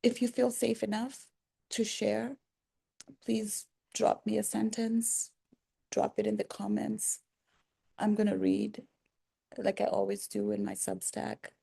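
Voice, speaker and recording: Slow, gravelly, soft-spoken woman. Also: mid-range voice, little pitch movement. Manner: halting, pausing and restarting, soft-spoken and earnest. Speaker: vlogger. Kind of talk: personal reflective vlog.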